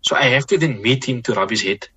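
A Muslim scholar, appearing as a guest in a reflective podcast conversation, speaks in a husky, slightly breathy medium-pitched voice with a forceful, bright edge. Animated yet measured, he circles back and repeats words as he gathers his thoughts, his tone leaning gently toward preaching. The highs in the audio are cut off.

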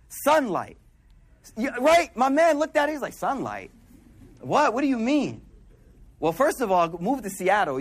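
A man giving a casual, slangy sermon and acting out quick asides in a lower voice. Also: fairly bright tone. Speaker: preacher.

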